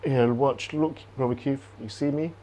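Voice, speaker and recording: A man leading a qigong class, calmly coaching breathing and movement with gentle repetition, on a close mic while he moves. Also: medium pitch, moderate pace, a little hiss or hum. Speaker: qigong instructor. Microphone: close clip-on mic while moving.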